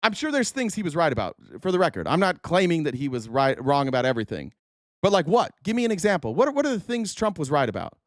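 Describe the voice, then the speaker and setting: Man, commentary host, profane rants, slightly high pitch, dry close sound. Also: quick pace, no echo. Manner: profane, animated ranting. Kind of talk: livestream political commentary.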